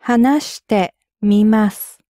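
A woman gives model phrases for a language course, saying each one clearly and carefully. She speaks slowly, and her voice is mellow and dry. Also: medium pitch, no room sound.

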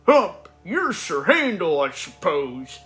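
A man voicing a grumpy, road-loving male steamroller with a gruff, huffing, dismissive manner, as a voice impression. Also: sits high, big pitch swings, slow, a bit bright, soft background music, heavily acted.

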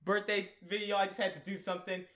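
A teenage boy ranting excitedly in a home vlog, rambling and giddy, swinging from loud yelps to mumbles, sometimes far from his desk mic. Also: high-pitched, quick pace. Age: teens. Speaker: gaming YouTuber. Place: home room.

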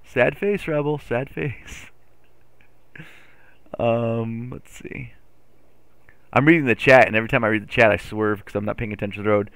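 A man streaming a farming game live, chatting playfully with his chat and getting excitable over his driving. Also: lowish voice, brisk, pauses often, clean tone, dry recording. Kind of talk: live gameplay commentary.

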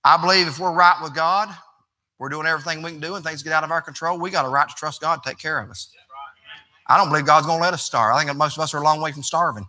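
A pastor, a man, preaching in a conversational, folksy manner. His voice is very bright and sits a bit high. He moves between easy talk and emphatic preaching. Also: fast talker. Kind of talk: folksy sermon.

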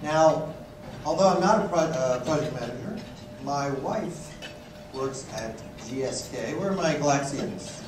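A man with a mid-range voice, animated and a little slow, performs stand-up comedy in a large conference hall, teasing and mock-accusing the audience. The recording is noisy and echoey, captured from a distant mic.

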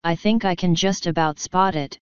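A grumpy, world-weary middle-aged police commander grumbles in a gruff, clear voice, as a woman reading the book puts him on. The recording is dry and a little dull. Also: fairly low pitch, moderate pace, no echo, lightly acted.

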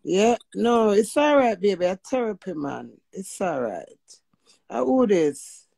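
A woman's voice: medium pitch, very animated, unhurried, gravelly, mellow, dry recording. A woman with a Jamaican accent giving an emotional spoken testimony, preachy and emphatic, mixing patois with swearing and often asking "you hear that?". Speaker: vlogger sharing personal testimony.

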